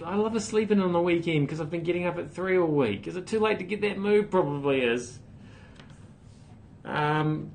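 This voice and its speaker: A man hosting a solo comic livestream, with wry deadpan asides and sudden loud outbursts. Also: on the high side. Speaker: host. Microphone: phone camera.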